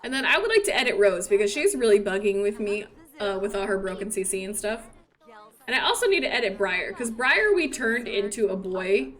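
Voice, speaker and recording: A young woman chatting casually while playing a life-simulation game, apologetic, playful and quick to laugh. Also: medium pitch, big pitch swings, fairly bright tone. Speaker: gaming streamer.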